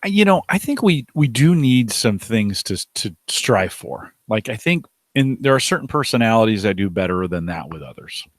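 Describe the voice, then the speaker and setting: Man, low voice, podcast co-host, casual chat, animated, dry mic. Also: normal speed, hardly any pauses, no echo. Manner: animated, restarts mid-sentence, wry.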